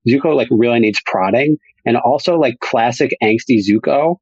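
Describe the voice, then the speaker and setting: A man's voice: medium pitch, moderate pace, darkish tone, husky, no room sound, muffled recording. A man co-hosting a podcast, rambling casually and hedging often. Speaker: podcast co-host. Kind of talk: casual chat.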